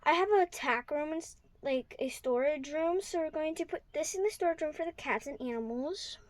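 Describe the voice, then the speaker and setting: A woman's voice: sits high, expressive, moderate pace, rough recording. A woman vlogging at home in her bedroom, chatting casually to viewers and thinking aloud as she sorts toy horses. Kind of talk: casual running commentary while organizing.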